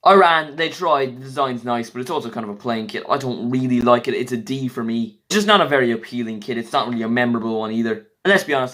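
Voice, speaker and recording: A man giving blunt, jokey, quick verdicts in a casual vlog, reviewing football kits. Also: mid-range voice, fairly bright tone. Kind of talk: casual opinionated vlog commentary.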